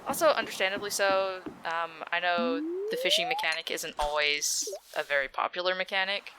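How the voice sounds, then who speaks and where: A woman's voice: lowish voice, huge pitch swings, a little fast, background noise. A young adult woman giving casual gaming commentary, chatty and rambling with a self-deprecating streak. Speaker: let's play gamer. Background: game music.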